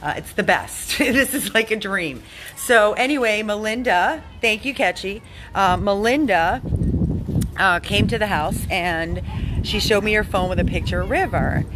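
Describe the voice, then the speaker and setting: Woman dog rescuer, mid-pitch, eager rambling vlog talk, phone cam outdoors with faint background hum. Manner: enthusiastic, rambling, fast bursts. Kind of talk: vlog narration. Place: outdoors in a fenced yard.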